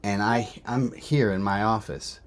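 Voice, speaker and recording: A man's voice: on the low side, steady tone, measured pace, slight background noise. A man who is a rabbi, telling a candid personal story in a self-reflective way, often restarting his sentences.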